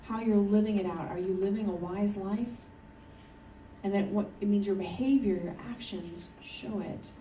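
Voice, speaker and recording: A woman's voice: mid-range voice, moderate pace, warm tone, slight background noise. A woman preaching a sermon in an earnest, emphatic way, repeating her key points. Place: church hall. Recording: roomy church audio from a distance.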